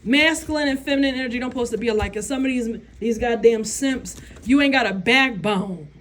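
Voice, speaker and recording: A woman's voice: on the high side, fairly quick. A woman vlogger, giving blunt, profane opinions in a casual rant and laughing often.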